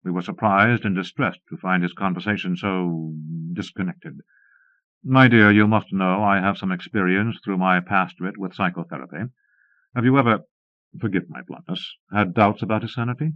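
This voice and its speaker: A man reading aloud, voicing a plump, genial middle-aged man who gently talks down to others. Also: deep voice, moderate pace, no echo, lightly acted. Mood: concerned. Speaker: pastor. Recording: muffled phone-like cassette audio, dry.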